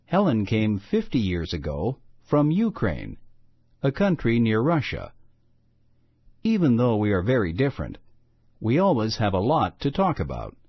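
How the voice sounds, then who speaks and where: Slow, expressive male storybook reader. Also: fairly low pitch, no echo. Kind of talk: reading a children's story aloud. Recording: muffled lo-fi recording.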